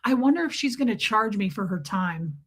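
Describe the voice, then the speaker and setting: A woman's voice: medium pitch, expressive, brisk. A woman live streamer chatting casually with her viewers, telling rambling, self-mocking stories.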